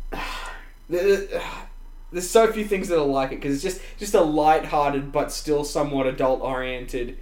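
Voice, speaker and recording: A man's voice: a little high, a little slow, a little mellow, reverberant. A man, co-hosting a casual chat show, rambling and laughing often. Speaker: podcast co-host.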